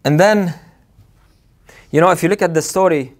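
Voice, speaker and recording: A man's voice: on the high side, lively intonation, fairly quick, pauses often. A man preaching a sermon in an earnest, emphatic way, repeating phrases for weight.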